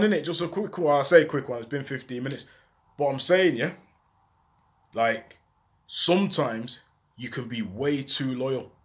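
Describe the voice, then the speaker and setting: Speaking in heavy street slang, a man at a medium pitch tells a real story about something that happened to him, delivering it with lots of energy.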